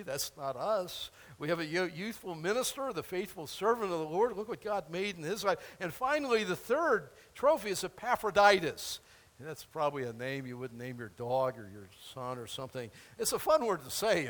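Guy preaching, bouncy voice going up and down, kinda high, big echoey church. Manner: animated, acts out biblical figures with laughs. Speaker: pastor. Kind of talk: sermon.

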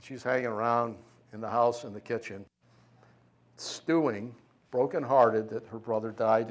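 A man preaching a sermon, reading scripture and explaining it in an expressive, conversational way, moving between loud emphasis and hushed tenderness. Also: medium pitch, unhurried. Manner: conversational asides with light chuckles.

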